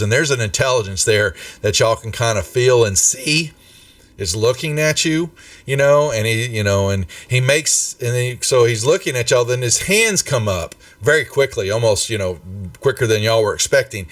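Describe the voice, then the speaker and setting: A man's voice: on the low side, a bit bright, dry recording, far from the mic. A man narrating a tabletop game as game master in a loose, conversational way, often searching for words.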